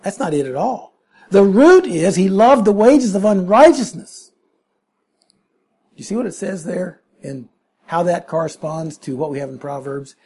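Man, preacher, sermon, husky voice, emphatic, rhetorical questions. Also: sits high, lively intonation, measured pace, darkish tone.

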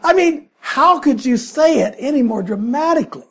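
Man, preacher, sermon, husky voice, emphatic, rhetorical questions. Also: extremely high pitch, lively intonation, normal speed.

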